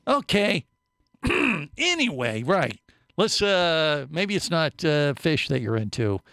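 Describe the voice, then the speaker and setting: A man's voice: on the high side, very animated, slow, bright, forceful tone, dry recording. A man hosting a radio talk show in a studio, joking around and rambling with lots of fillers. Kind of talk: casual radio chat.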